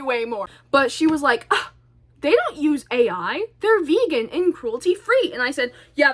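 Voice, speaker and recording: A woman rambling through a casual vlog monologue, her voice high and sharply bright. She hops from tangent to tangent, piling on fillers and sounding openly exasperated. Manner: chatty, goes off on tangents, many fillers; animated and exasperated. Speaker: vlogger.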